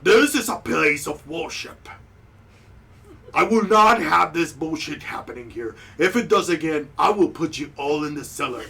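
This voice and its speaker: A man voicing a gruff, stern male guard captain who swears and threatens, recorded on a distant mic. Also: a little high, expressive, normal speed, sharp tone, exaggerated voice. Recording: distant mic, faint noise.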